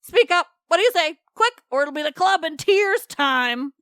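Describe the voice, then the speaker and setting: A woman voicing a gruff, bossy male cyclops giant, barking orders in a blunt, blustering way. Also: extremely high pitch, lively intonation, normal speed, a bit bright, no echo, studio quality, pitched above the performer's own voice.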